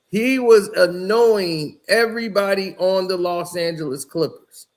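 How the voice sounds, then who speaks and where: A man's voice: high-pitched, measured pace, hardly any pauses. A man giving casual, rambling basketball commentary, telling the story in a loose way with lots of "you know" and "like".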